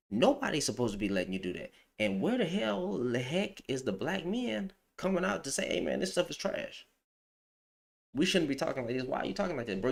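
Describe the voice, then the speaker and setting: A man's voice: mid-range voice, vocal fry. A man giving a heated, opinionated rant on a livestream, with slangy speech, who repeats phrases for emphasis. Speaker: livestream commentator.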